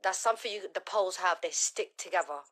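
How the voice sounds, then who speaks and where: A woman's voice: lowish voice, quick pace, fairly bright tone. A woman with a British slang-tinged accent giving blunt, opinionated takes in a casual live chat.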